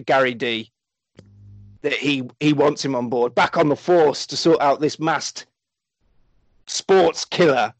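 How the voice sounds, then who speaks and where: A man hosting a comedy podcast, recapping a film in an animated, jokey way and swearing freely. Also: a little high, no room sound, poor audio.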